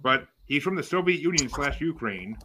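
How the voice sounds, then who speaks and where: A man's voice: fairly high pitch, expressive, moderate pace, pushed and bright, a little hiss or hum, poor audio. A man hosting a casual group podcast, reading out facts and asking each co-host for a vote. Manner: reads out facts, then polls each co-host.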